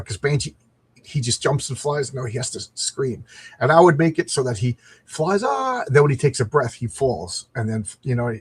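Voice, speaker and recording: A man's voice: medium pitch, husky. A middle-aged man chatting casually as he reviews a comic book, rambling and reading panels aloud.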